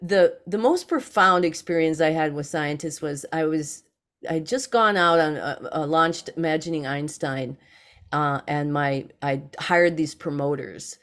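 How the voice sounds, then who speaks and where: A woman guest on a podcast interview, telling stories in an animated way and acting out other people's lines. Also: low voice, a little slow. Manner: animated, acts out others in lively quotes.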